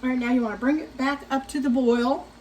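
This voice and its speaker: A woman in her sixties hosting a casual cooking demonstration in her home kitchen, chatting directly to viewers and giving gentle cautions. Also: sits high, fairly even intonation, fast, slight background noise, low-quality recording. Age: 60s. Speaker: cooking show host.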